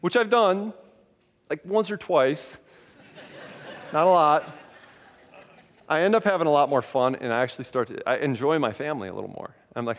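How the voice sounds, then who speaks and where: A man's voice: medium pitch, a little fast. A man preaching a sermon as a pastor, telling stories in a candid, self-mocking way. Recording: long hall reverb.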